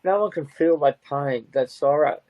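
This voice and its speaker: An older man, a grieving father who speaks in halting, repeated phrases with a tearful, breaking voice. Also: a little high, no echo, muffled recording. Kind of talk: emotional interview talk.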